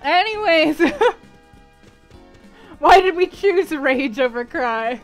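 A woman with a very high, light voice hosts a casual livestream, giggling and effusive as she thanks her viewers. She talks at an unhurried pace, working through long lists of names. Soft music plays faintly behind her. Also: expressive.

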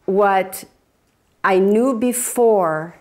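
A woman's voice: mid-range voice, very slow. A woman talking candidly and reflectively about faith and her marriage in casual conversation. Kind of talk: casual testimony.

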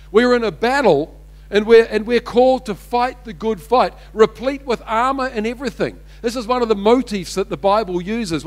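A male pastor preaching a sermon to a church congregation, speaking emphatically, repeating his key lines and calling his listeners friends. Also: sits high. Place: church service before a congregation.

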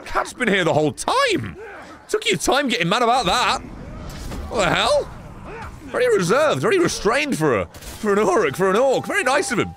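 A man's voice: extremely high pitch, wildly swooping pitch, fairly quick, fairly bright tone, slight background noise. A man streaming a game live, commenting sarcastically, talking back to the characters on screen and swearing often.

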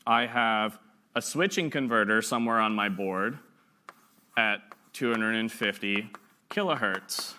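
A man's voice: lowish voice, measured pace, sharp tone, slight background noise. A young man giving an informal classroom lecture, chatty and fond of playful analogies, often checking in with "right?". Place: lecture room.

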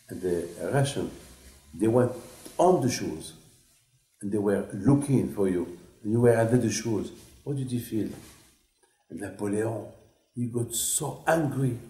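Slow, halting rabbi. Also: male voice, fairly low pitch, warm tone. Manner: halting, repetitive storytelling. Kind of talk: storytelling sermon. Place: synagogue class hall. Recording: echoey room.

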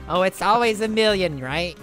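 A man hosting a casual gaming voice chat, talking excitably and breaking into playful panicked yelps and shouts. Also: high-pitched, moderate pace. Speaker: gaming channel host. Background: background music.

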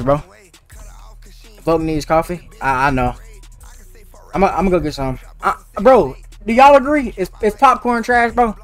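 Young guy streaming games, high voice, talks fast n slangy, dry sound w faint music behind. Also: fairly bright tone, dry recording. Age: young adult. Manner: fast-talking and slangy, teasing viewers. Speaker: game streamer. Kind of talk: casual gaming livestream chat.

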